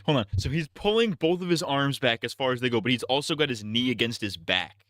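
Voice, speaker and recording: A man on a live stream cuts in with skeptical, sarcastic remarks. His voice is bright and forward, captured dry and close on the mic with no room around it. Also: mid-range voice, animated, a little fast, no echo. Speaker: streamer reacting to a video.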